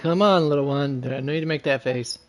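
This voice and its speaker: A man's voice: a little high, fairly quick, soft background music. A young man streaming a game, reading its dialogue aloud, stumbling and restarting mid-line.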